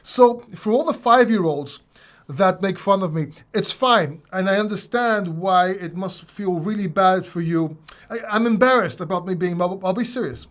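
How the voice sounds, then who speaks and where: A man hosting a casual crypto livestream, rambling and joking at his own expense. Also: high voice. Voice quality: self-mocking, rambling, many restarts. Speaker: crypto channel host.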